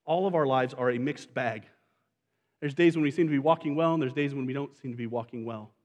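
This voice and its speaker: A man's voice: medium pitch, a little fast, darkish tone, big-room sound. A man preaching a sermon as pastor, talking conversationally and asking the congregation questions.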